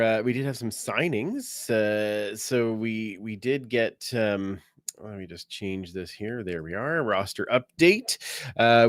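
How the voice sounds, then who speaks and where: A man's voice: medium pitch, no room sound, studio quality. A man hosting a casual sports podcast, rambling through news with many fillers and restarts. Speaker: podcast host.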